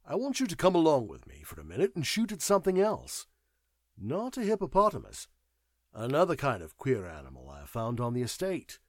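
A man reading an audiobook, voicing a cheerful, clever English gentleman with a light, teasing tone. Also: medium pitch, wildly swooping pitch, a little fast, dry recording, studio quality. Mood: playful. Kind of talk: audiobook character voice.

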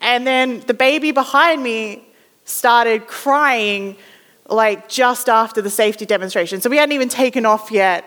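A woman's voice: on the high side, measured pace, a bit bright. A young Australian woman in her twenties telling a chatty, self-deprecating story as a sermon, acting out the voices she quotes. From Western Australia. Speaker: ministry student preaching. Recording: long hall reverb.

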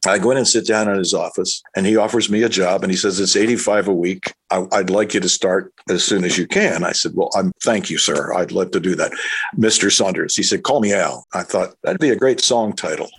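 A husky older man spins his old radio stories in a relaxed, conversational way. He slips into other people's voices when he quotes them, and his voice sits a little low. The feel is an unhurried chat about the old days. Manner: animated anecdotes, acts out quoted voices. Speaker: radio broadcaster recalling his career. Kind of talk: casual storytelling.

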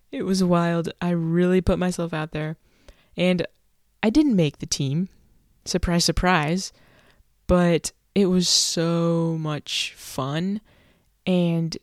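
A woman's voice: fairly low pitch, darkish tone, no room sound, studio quality. A young woman hosting a solo podcast, chatty and self-deprecating, laughing as she tells her stories. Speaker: podcast host.

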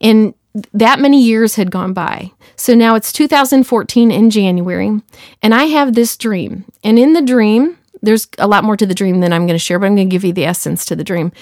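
Woman, mid pitch, casual animated storyteller, acts out dialogue, fillers, dry close sound. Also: normal speed, no room sound. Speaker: speaker sharing a personal testimony.

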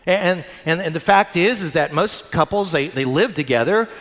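A man's voice: on the high side, lively intonation, moderate pace, fairly bright tone. A middle-aged man preaching a sermon to his church, telling stories and addressing the listeners directly. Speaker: pastor. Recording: long hall reverb.

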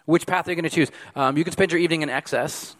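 A man's voice: fairly high pitch, very fast. Emphatic man preaching in a reverberant hall. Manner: emphatic, swings from loud to hushed. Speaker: pastor. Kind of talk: sermon.

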